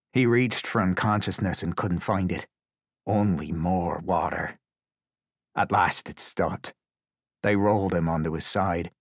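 A man's voice: low voice, no echo, studio quality. A man reading a tense story aloud as an audiobook narrator, with intense, vivid storytelling. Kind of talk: scripted dramatic narration.

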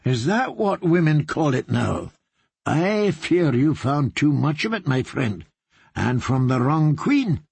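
A man voicing a gentle-sounding, quietly menacing older male torturer. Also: fairly high pitch, very animated, slow, gravelly, breathy edge, no echo, full character voice. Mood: sinister. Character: soft-spoken, sinister older male torturer.

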